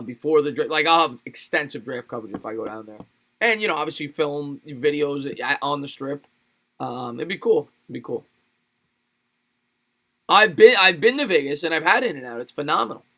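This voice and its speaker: Male stream host, excitable play-by-play, forceful bright tone, loose chatter between plays. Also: fairly high pitch. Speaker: livestream sports host. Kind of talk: live play-by-play and chat with viewers.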